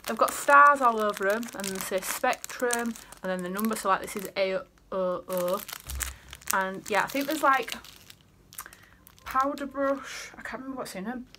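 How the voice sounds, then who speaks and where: A woman's voice: a little high, normal speed, background noise. A young woman chatting in a casual home vlog, bubbly and rambling as she gushes over things. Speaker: vlogger. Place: family home, indoors.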